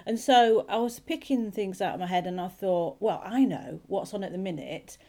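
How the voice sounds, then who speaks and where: A woman who teaches creative writing, telling a story as a radio guest, lively and often laughing. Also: medium pitch, normal speed. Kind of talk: casual radio interview.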